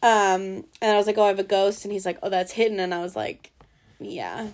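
A young woman from the US Pacific Northwest speaks fairly quickly in a mid-range voice. As a podcast guest, she rambles through a casual story about a bad date for the host, with lots of fillers and swearing.

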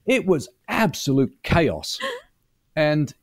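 Chatty man telling animated stories. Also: fairly high pitch, takes it slowly, dry recording, clean studio sound, soft background music. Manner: chatty, animated storyteller, acts out quotes. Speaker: guest, former reality show butler. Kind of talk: casual interview storytelling.

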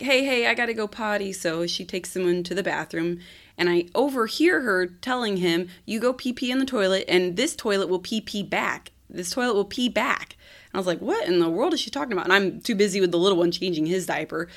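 Hoarse chatty woman podcast host. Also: lowish voice. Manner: chatty, laughs often while telling stories. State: hoarse from a cold, scratchy throat. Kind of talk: casual podcast monologue.

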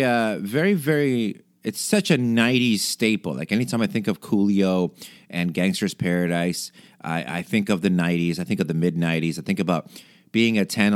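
A man's voice: sits low, smooth, no room sound, studio quality. A man in his late thirties from Canada hosting a solo podcast, chatting casually and rambling with lots of fillers and restarts. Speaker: podcast host.

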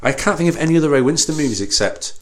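A man co-hosting a casual film chat, animated and quick to laugh, often restarting his sentences. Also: a little high. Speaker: podcast co-host.

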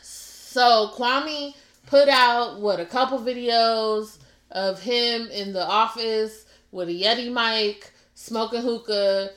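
Woman, casual podcast chat, slow unhurried delivery, bright tone, echoey room. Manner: laughing, quoting others in a flat low voice. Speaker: podcast co-host.

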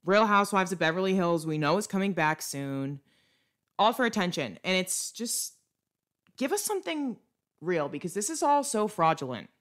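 Speaking at a normal pace, this young podcast co-host has a fairly low voice and is highly animated. Her talk is casual chatter, with blunt rants about celebrity gossip.

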